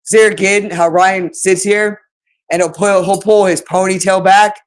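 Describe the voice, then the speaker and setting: A woman's voice: mid-range voice, steady tone, unhurried, smooth. Woman vlogger, heated accusatory monologue, coarse and rambling. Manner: agitated, accusatory, profane ranting. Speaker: channel host. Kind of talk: unscripted monologue to camera.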